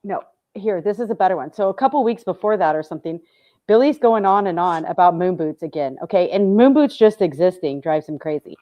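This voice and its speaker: A woman's voice: lowish voice, animated, a little fast, muffled recording. A woman co-hosting a casual livestream chat, telling gossipy stories with frequent giggles. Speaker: stream co-host.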